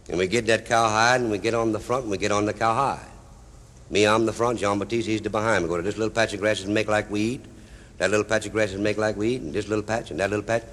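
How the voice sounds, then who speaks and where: A man's voice: fairly low pitch, fairly bright tone, in a large hall. A man with a Cajun accent telling comic dialect stories to a live audience in a folksy drawl. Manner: folksy drawl, broken-English dialect tales. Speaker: storyteller. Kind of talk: live comedy storytelling.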